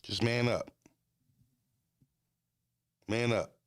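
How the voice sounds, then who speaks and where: A man hosting a casual podcast, ranting bluntly with profanity, jumping into animated voices and stuttering restarts. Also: mid-range voice, very slow, no room sound. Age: adult. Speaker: podcast host.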